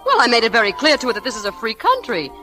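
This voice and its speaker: Quick-witted, sarcastic young wife with a lively voice; 1940s radio. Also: female voice, a little high, over music. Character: witty, spirited young wife.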